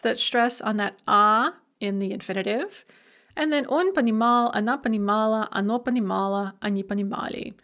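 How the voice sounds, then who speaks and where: Patient woman lecturing, a bit high. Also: fairly bright tone. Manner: patient, methodical explanation with slow, careful example words. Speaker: language instructor. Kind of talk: recorded lecture over slides.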